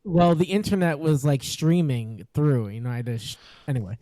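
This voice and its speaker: A man co-hosting a casual podcast chat, jokey and animated, tripping over his words when excited. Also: a little high, moderate pace, dry recording. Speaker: podcast co-host.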